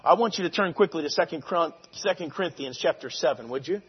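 A preacher with a slightly high, husky voice works the congregation, dropping into easy asides and then rising to booming, stretched-out shouts. The recording is muffled and lo-fi. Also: male voice, expressive, fast, long reverb tail. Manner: swings from conversational asides to loud shouted scripture. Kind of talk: sermon.

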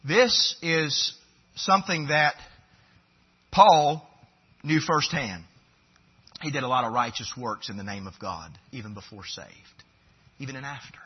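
A man's voice: mid-range voice, a little slow, long pauses, slightly rough, dull audio. A man preaching a sermon as pastor, building to fervent, emphatic repetitions.

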